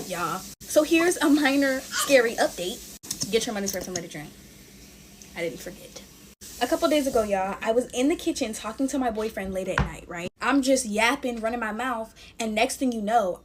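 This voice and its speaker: A woman's voice: fairly high pitch, expressive, moderate pace, a little hiss or hum. A young woman from the United States, casually telling scary stories at home while playing with slime, talking expressively and calling her viewers y'all. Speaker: storyteller. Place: indoors at home.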